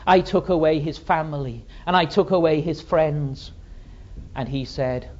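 A man voicing God the Father, solemn and slow. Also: on the high side, pitched above the performer's own voice. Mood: grave. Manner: solemn, repetitive cadences, swings from hushed to loud. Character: God the Father, solemn ancient male deity. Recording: dull lo-fi sermon recording.

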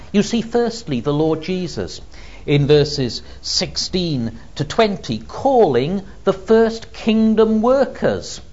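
A man preaching an expository sermon who builds to emphatic, rising declarations and often pauses on "um". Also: mid-range voice. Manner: builds to emphatic, rising declarations, with frequent ums and vivid illustrations. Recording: slightly dull lo-fi recording.

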